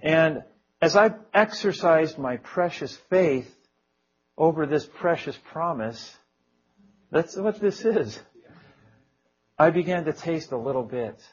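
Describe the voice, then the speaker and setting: A man's voice: fairly high pitch, lively intonation, slow pace, pauses often, lo-fi sound. A man preaching a sermon in an earnest, conversational way, with small jokes and prayerful quotes.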